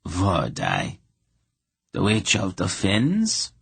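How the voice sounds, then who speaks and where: A man reading a calm, wry swamp witch. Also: low-pitched, vocal fry, breathy edge, dry recording, exaggerated voice. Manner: measured, strangely neutral, slow. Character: reclusive middle-aged witch woman, calm and bitter.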